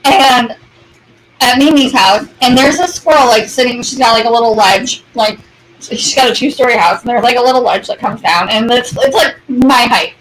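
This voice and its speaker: A woman's voice: fairly high pitch, moderate pace, fairly bright tone. A woman co-hosting a casual chat show, blunt and joking, swearing as she tells her own stories. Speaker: podcast co-host. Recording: noisy room.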